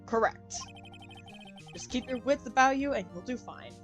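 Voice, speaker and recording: A woman voicing an elderly male judge in a lowered, formal old-man voice, reading game dialogue aloud. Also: normal speed, distant mic, music in the background, close to an everyday voice. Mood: stern. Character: elderly male judge, stern but patient.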